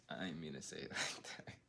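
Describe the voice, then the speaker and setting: Low gravelly guy doing a chill tarot reading for chat, slangy, kinda whispery sometimes. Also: slight background noise. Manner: laid-back slangy talk, drifting into soft whispered asides. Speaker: tarot reader.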